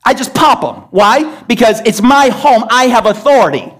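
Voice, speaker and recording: Lively, questioning preacher in a sermon. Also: mid-range voice, moderate pace. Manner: emphatic, rallies the congregation with questions. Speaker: pastor. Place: church service.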